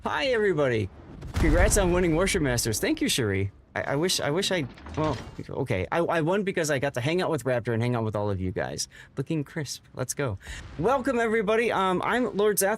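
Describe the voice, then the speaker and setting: A man hosting a game livestream, chatting casually to viewers in a rambling way, with bursts of excited greetings. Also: fairly high pitch, slight background noise. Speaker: game streamer and host.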